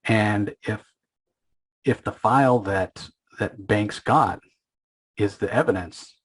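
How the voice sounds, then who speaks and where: A man hosting a comic book podcast, casually recapping an issue and retelling its scenes with quick acted-out quotes, often pausing on fillers and restarts. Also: fairly low pitch, slightly rough, rough recording.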